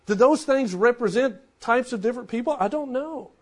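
A man in his forties, a pastor preaching a sermon in a conversational way, dropping to a hush for emphasis. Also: very high-pitched, animated, fairly quick.

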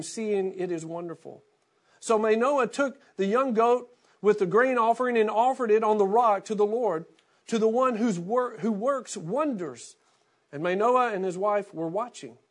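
Pastor guy, kinda high voice, reads the bible passage then just talks to the church easy like. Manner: reads scripture aloud, then preaches in a conversational, anecdotal way. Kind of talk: sermon with scripture reading.

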